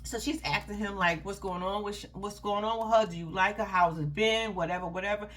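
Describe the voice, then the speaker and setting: A woman's voice: medium pitch, fairly even intonation, a little fast, a bit bright. A woman giving casual commentary on a reality show, blunt, heated and full of profanity, and talking straight to her viewers. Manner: addresses viewers directly as "y'all".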